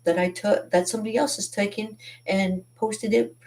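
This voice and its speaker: A woman's voice: mid-range voice, fairly even intonation, normal speed, darkish tone, voice pushed up, close to an everyday voice. A woman in her fifties acting out a pushy male online romance scammer who insists he is genuine, in an eager, emphatic, wheedling way. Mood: insistent.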